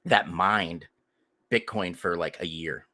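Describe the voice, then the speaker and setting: Male podcast co-host, crude and animated, bright, slightly low voice. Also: takes it slowly. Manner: crude, animated, profane storytelling. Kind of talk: casual chat.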